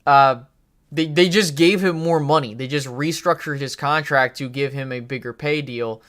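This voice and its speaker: A man's voice: fairly high pitch, moderate pace, fairly bright tone. A man hosting a live sports talk stream, giving rambling, opinionated takes with frequent fillers, restarts and casual swearing. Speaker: podcast host.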